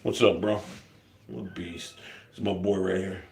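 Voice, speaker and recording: A man's voice: low-pitched, normal speed, gravelly. A man in his fifties hosting a casual livestream, talking in a profane, rambling and irritated way. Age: 50s. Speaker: livestream host.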